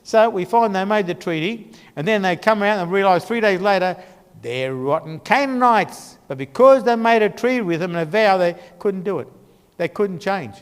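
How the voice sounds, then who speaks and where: A man with a high voice teaches a church Bible class in a loose, chatty storytelling manner, pointing things out on a map as he goes. His voice carries a long reverb from the church hall around him. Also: animated, normal speed, clear, resonant tone.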